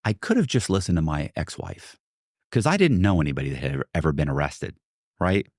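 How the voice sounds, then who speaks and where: A man's voice: rumbling low, wildly swooping pitch, a little fast, dry recording, clean studio sound. A man guest in a podcast interview, telling a long story animatedly and acting out what others said, with many fillers and restarts.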